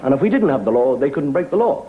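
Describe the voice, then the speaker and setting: A man doing a stand-up monologue with wry, deadpan storytelling in a TV studio. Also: medium pitch, quick pace. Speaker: comedian. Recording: dull lo-fi TV recording with faint hiss.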